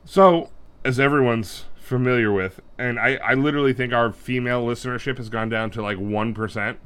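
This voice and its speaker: A man co-hosting a podcast in casual comedic chat, telling animated, profane stories and acting out little bits. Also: mid-range voice, a little fast, smooth. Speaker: podcast co-host.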